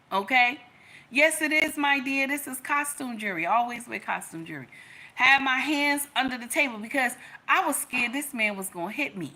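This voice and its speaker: A woman shares her own story as relationship advice to her listeners. She talks emphatically, repeating key lines and calling them y'all. Her voice is bright and forceful, set a little high. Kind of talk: personal storytelling to an audience.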